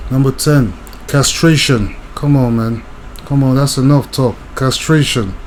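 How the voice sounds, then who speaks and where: A young man talks in a blunt, rambling monologue, circling back over his points with plenty of filler words. His voice sits at an ordinary middle pitch. A faint noise hangs behind him. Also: measured pace, a little mellow. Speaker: channel host. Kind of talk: casual monologue commentary.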